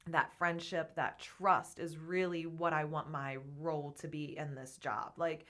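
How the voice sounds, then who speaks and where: A woman's voice: low-pitched, flat delivery, measured pace, fairly bright tone. A woman guest on a podcast, chatting candidly and laughing often as she talks about her work. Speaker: podcast guest, gym co-owner. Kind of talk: casual interview chat.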